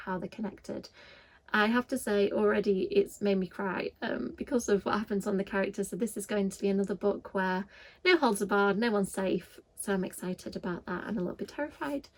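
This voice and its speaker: A woman's voice: medium pitch, poor audio. A woman with a Yorkshire accent chatting casually and enthusiastically to camera about her reading list, with frequent ums. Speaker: book vlogger. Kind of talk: casual book chat to camera.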